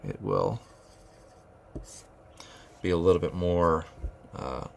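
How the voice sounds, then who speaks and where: A man's voice: sits low, very animated, slow, vocal fry. A man teaching rhythm at a whiteboard, thinking aloud with fillers and restarts and chanting rhythm syllables. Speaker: music teacher.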